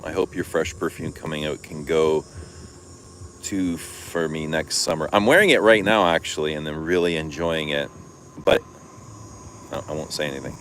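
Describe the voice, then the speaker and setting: Casting: middle-aged canadian guy, very low voice, loose casual live chat, cusses a lot, faint background noise. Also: rough recording. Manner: swears freely, laughs, animated storytelling. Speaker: fragrance vlogger. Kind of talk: casual livestream chat answering comments.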